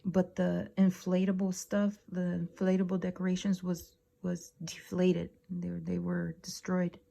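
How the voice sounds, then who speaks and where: A woman's voice: on the low side, gravelly, warm tone. A woman vlogger telling a dream story in a casual, rambling way, with slangy phrasing, lots of fillers and swearing. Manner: slangy, laid-back phrasing.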